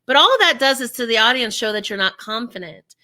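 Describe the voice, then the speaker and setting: A woman speaking coach as an interview guest, energetic and acting out inner voices as she explains. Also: a little high, brisk.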